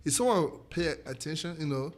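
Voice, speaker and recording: Young Nigerian-accented male guest, slightly raised pitch, lively and loose delivery. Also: a little fast. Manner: animated, explains with restarts and fillers. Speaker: podcast guest. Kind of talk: casual conversation.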